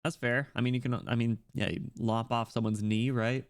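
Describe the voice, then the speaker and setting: During a game stream, a man with a medium-pitched voice that barely moves in pitch chats at a moderate pace. His talk is rambling and full of fillers, mixed with reading game dialogue, and faint music sits in the background.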